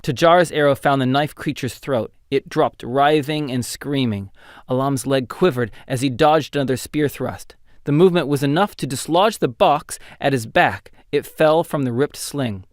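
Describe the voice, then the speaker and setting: A man narrating a fantasy audiobook in an expressive, dramatic storytelling style. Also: medium pitch, moderate pace, no echo, clean studio sound. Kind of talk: scripted narration.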